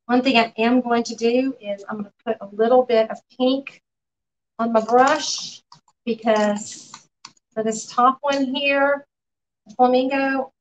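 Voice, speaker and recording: A woman running a live painting demo in her art studio, relaxed and often murmuring to herself as she works. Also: fairly high pitch, unhurried, slight background noise, low-quality recording. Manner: relaxed, talks to herself while working, often quiet and off-mic. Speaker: painting instructor.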